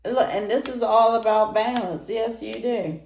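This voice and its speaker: Slow-talking woman tarot reader. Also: fairly high pitch, darkish tone, a little hiss or hum. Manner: repetitive, speaks straight to the listener. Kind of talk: casual tarot reading to camera. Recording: roomy echoey room.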